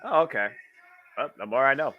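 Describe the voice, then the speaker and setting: A man's voice: medium pitch, animated, fairly quick, narrow, tinny audio. A man from the Midwest of the US, hosting a casual live wrestling watch-along with wisecracking, swearing commentary. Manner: chatty, wisecracking, swears freely.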